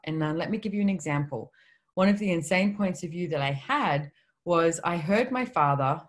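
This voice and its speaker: A woman author speaking at her book launch, telling candid, self-deprecating personal stories. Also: low voice. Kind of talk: personal storytelling talk.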